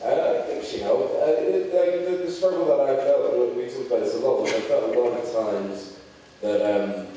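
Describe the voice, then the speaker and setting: A man's voice: medium pitch, normal speed, dark tone, slight background noise. A man, an actor answering festival Q&A questions in a joking, self-deprecating way. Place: festival screening venue, audience. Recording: roomy hall audio from far off.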